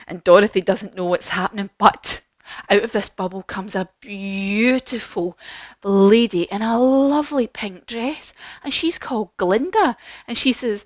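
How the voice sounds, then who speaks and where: A woman leading a children's yoga class as a story, animated and encouraging, with gasps and questions. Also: medium pitch, a little slow, no echo. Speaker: kids yoga teacher.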